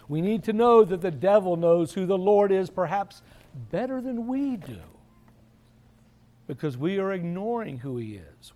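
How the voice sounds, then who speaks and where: A man, a priest, giving a conversational sermon and slowing down to quote scripture. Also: high voice, a little mellow.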